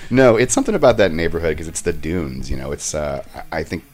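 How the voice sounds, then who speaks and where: A man co-hosting a podcast in casual chat, relaxed and wry, teasing his co-host. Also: a bass voice, quick pace.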